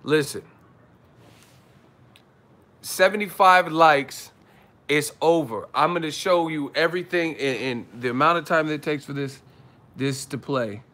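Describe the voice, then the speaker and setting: A man in a hotel room doing a casual, hyped-up boxing vlog rant, brash and teasing, swearing freely and swinging between loud hype and low muttering. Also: a little slow, long pauses. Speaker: boxing commentary vlogger.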